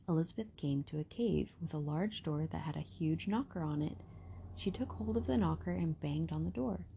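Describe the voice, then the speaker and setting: A woman reading a picture book aloud in a steady, expressive way. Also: lowish voice, vocal fry, slight background noise. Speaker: storyteller.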